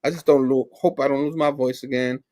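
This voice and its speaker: A man co-hosting a casual podcast chat, laid-back and jokey, his voice going hoarse. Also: mid-range voice, fairly even intonation, fairly quick, a little mellow. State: losing his voice. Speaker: co-host.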